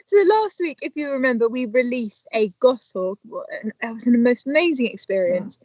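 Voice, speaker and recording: A woman's voice: a little high, expressive, moderate pace, a little mellow, dry recording, muffled recording. A woman co-hosting a casual live stream, upbeat and teasing, reading out viewer messages. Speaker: co-host.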